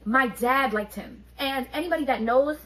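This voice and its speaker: A woman, telling a story on her vlog in an animated, profane, streetwise way. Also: sits high, moderate pace, low-quality recording. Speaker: beauty vlogger.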